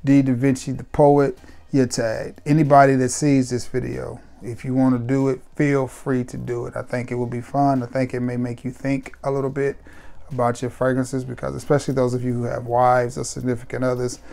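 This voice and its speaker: A man reviewing fragrances in a casual, rambling talk to camera, repeating himself and signing off warmly. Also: medium pitch, brisk, creaky. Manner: relaxed, rambling and repetitive, with warm sign-offs.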